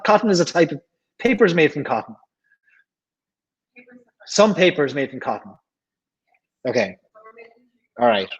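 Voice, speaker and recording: Irish guy chatting on a livestream, bit higher voice, reads out comments, repeats himself a lot. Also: dull audio. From Ireland. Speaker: livestream host. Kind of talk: casual livestream chat reading comments.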